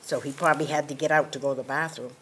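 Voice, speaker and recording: An older woman with a very low voice gives sworn testimony at a hearing, and her account rambles like casual storytelling. A faint background hiss runs under her voice. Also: steady tone, very fast, a bit bright. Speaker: witness.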